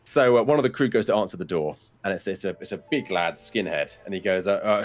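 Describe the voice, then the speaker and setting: A man's voice: low voice, fast talker. A man and guest on the show, telling a long, funny story in a casual way, swearing freely and laughing as he goes. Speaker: guest, streamer.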